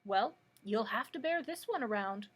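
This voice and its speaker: A woman voicing a bold, indignant yellow hen that talks back proudly, in a husky voice. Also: a little high, lively intonation, moderate pace. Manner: proud, clucking, sharp-tongued.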